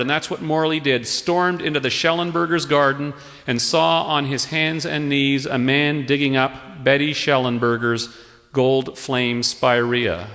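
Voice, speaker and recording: Bright-voiced man on stage with a story, wry delivery, long hall reverb. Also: a little high. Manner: wry, unhurried, playful emphasis. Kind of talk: live humorous storytelling. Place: theatre stage with live audience.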